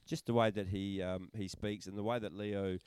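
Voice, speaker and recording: Low, smooth-voiced man hosting. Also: fairly even intonation, normal speed, a little mellow, dry recording. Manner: loose and conversational, many fillers and restarts. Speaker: podcast co-host. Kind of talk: casual fight-night commentary chat. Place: room upstairs at a gym, seated on a couch.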